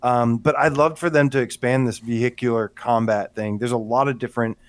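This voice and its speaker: A man's voice: mid-range voice, fairly even intonation, fairly quick, no room sound. A man with a middling voice, recorded dry and close, co-hosting a livestream podcast. He rambles enthusiastically with plenty of fillers. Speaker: podcast co-host. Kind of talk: casual livestream chat.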